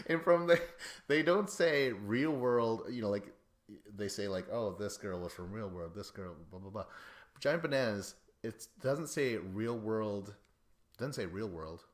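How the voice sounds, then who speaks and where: Rambling, profane male podcast host. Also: lowish voice. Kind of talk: casual podcast commentary.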